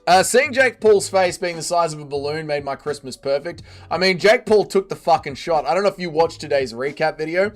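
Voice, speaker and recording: A man's voice: fairly high pitch, lively intonation, fairly quick, few pauses, faint music behind. A man hosting a casual livestream, reading chat aloud, swearing often and laughing readily.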